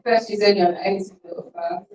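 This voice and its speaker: A woman's voice: medium pitch, big pitch swings, quick pace, recorded from a distance, crowd noise, poor audio. A woman hosting an icebreaker game with an audience, chatty and laughing often, restarting her sentences. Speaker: event host.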